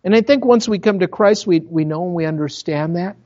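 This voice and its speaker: A pastor from Minnesota with a Minnesotan accent, preaching a sermon in a conversational storytelling way, full of asides to the congregation. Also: male voice, sits high, a little fast, dark tone, highs cut off. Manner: conversational, with self-interrupting asides.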